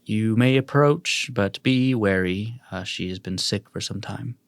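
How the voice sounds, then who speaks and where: A weary, regal king in a tabletop fantasy game, voiced by a man. He speaks formally, low and measured, with an air of tired authority. The sound is dry and close. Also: gravelly, no room sound. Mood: stern. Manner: formal, tired of his court.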